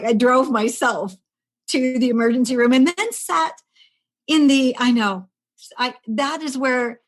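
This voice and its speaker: A woman in her sixties, a stress management coach, telling her own story in a casual podcast chat and acting out the voices of the people in it. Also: on the high side. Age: 60s. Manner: animated storyteller who acts out quoted voices with laughs.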